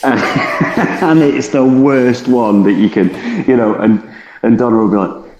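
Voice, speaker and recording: A man's voice: medium pitch, measured pace, darkish tone. A man co-hosting a podcast, telling stories in casual chat and laughing often. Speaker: podcast co-host. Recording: roomy dull lo-fi sound.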